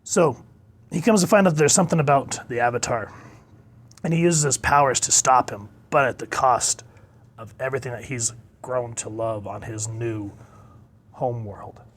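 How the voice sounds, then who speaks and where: A man of medium pitch talks his way through a comic book review. His talk is loose and chatty, broken by chuckles and pauses to look details up. He is openly keen on the storytelling and the art. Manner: rambling, chuckling, stops to look things up; enthusiastic about the storytelling. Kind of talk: casual review narration.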